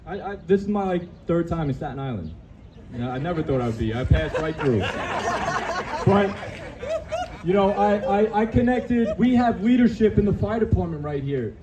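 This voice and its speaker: A man's voice: high-pitched, expressive, moderate pace, noisy background. A man speaking to a crowd at an outdoor rally, emotional and earnest, restarting his sentences.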